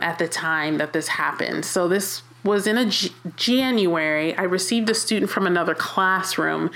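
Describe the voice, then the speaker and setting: A woman hosting a podcast, telling a personal story in a candid, chatty way, with frequent fillers and self-corrections. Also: lowish voice. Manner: animated when quoting herself. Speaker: podcast host.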